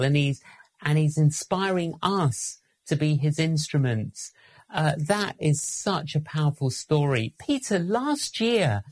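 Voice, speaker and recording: A man hosting an interview, affirming and reflecting on what his guest has shared. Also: fairly high pitch. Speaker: host.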